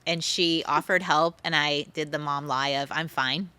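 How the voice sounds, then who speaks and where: A woman's voice: sits low, normal speed, smooth, no echo. A middle-aged woman, a guest author, telling stories animatedly in a casual interview. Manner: animated storyteller, acts out quotes. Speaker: podcast host and author, guest.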